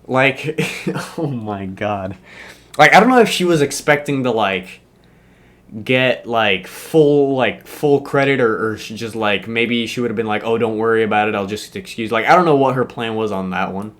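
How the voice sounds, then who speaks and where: Animated young man telling a school story. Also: mid-range voice, unhurried. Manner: animated, slangy and profane, with many fillers. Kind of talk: casual storytelling.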